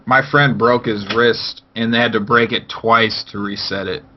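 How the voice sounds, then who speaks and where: A man's voice: mid-range voice, steady tone, normal speed. A man co-hosting a podcast, teasing the others in casual talk. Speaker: co-host. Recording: lo-fi call audio with faint noise.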